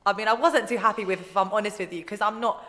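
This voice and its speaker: A woman's voice: mid-range voice, quick pace. A young woman chatting as a guest, telling stories and acting out what others said. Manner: chatty storytelling, quotes others in lively voices. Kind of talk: casual chat. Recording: roomy with long reverb.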